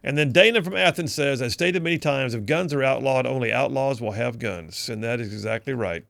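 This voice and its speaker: Gravelly talk radio host man. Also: medium pitch, a little fast, a bit bright, dry recording. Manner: gravelly, folksy and chatty. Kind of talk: casual talk radio, reading listener texts. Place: radio studio.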